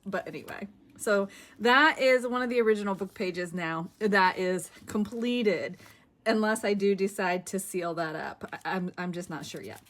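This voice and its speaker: A middle-aged woman hosting a craft video, chatting casually and thinking aloud as she works. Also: medium pitch. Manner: chatty, giggly, thinks aloud while working. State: a bit winded.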